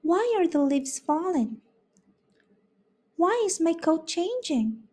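A woman's voice: very high voice, big pitch swings, takes it slowly, a little mellow, pitched above the performer's own voice, full character voice. A woman voicing a young, curious fawn in a storybook reading, asking wide-eyed questions.

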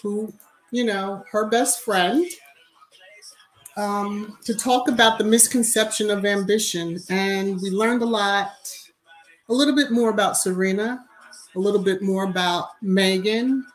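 A woman's voice: medium pitch, steady tone, a little slow, rough recording. A woman hosting a casual live stream, greeting viewers by name and chatting emphatically. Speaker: YouTube livestream host. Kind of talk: casual live-chat commentary.

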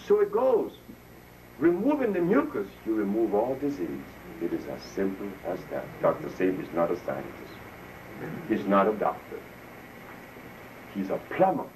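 A man's voice: on the low side, very animated, moderate pace, a little mellow. A man speaking casually to a live audience, telling stories, laughing at his own jokes and acting out the voices of people he quotes. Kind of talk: informal health talk to an audience. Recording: distant mic with faint noise.

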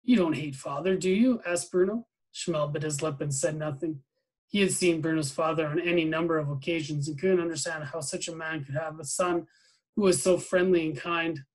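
A man narrating a novel aloud in a steady storybook reading. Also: a little high, moderate pace, poor audio. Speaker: reader.

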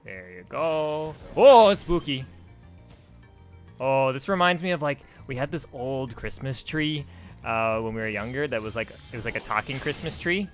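A man's voice: mid-range voice, animated, moderate pace, a bit bright. Man, let's play host, chatty, rambling, laughs a lot, faint game music behind. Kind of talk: casual gameplay commentary.

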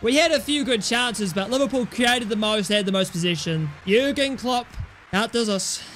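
Excitable high-voiced gaming commentator. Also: male voice, normal speed, slight background noise. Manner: shouts and cheers at goals, swears at players. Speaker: gaming YouTuber.

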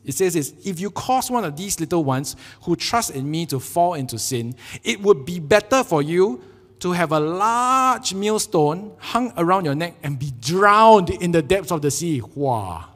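A male pastor with a Singaporean English accent preaches in a lively, joking storytelling manner. His voice sits a little higher than most men's. The sound carries a long church-hall reverb. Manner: animated, jokey storytelling with acted quotes. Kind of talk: sermon. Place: church sanctuary.

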